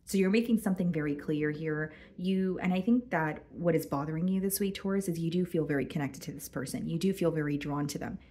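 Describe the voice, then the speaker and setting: A woman giving a casual tarot reading to her viewers, chatty and full of fillers, a bit hoarse and clearing her throat. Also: low-pitched, a little fast, hardly any pauses, warm tone. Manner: chatty, addresses viewers as guys, many fillers. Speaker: tarot reader.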